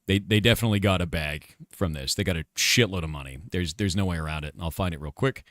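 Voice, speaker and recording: A man's voice: low voice, quick pace, a bit bright, no room sound, clean studio sound. A middle-aged man streaming live, ranting casually in an angry, profane and emphatic way. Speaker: streamer and game developer.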